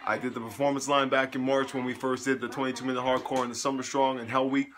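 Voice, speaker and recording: A man's voice: medium pitch, level tone, fast. A young man speaks casually to his camera at home, still sweaty and tired from a workout. His talk is chatty and upbeat, and he slips into motivational coaching as he goes. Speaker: fitness coach vlogger. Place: home living room.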